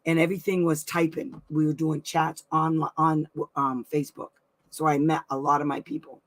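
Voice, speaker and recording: A woman's voice: deep voice, little pitch movement, normal speed. A middle-aged woman hosting a weekly live advice stream from home, chatting effusively and laughing often. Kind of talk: casual live-stream chat.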